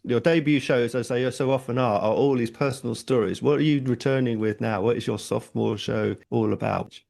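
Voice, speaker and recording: A podcast host asking interview questions in a measured, unhurried way. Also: mid-range voice, creaky, a little mellow.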